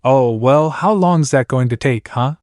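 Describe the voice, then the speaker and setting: A man's voice: medium pitch, a little slow, darkish tone, no room sound, studio quality, close to an everyday voice. A man reading the part of a newly arrived boy who is impatient and sarcastic. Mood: demanding. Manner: demanding, sarcastic.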